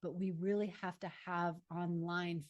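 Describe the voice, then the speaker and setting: Woman coach, fairly low voice, calm guided self-help delivery with slow pauses. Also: lo-fi sound.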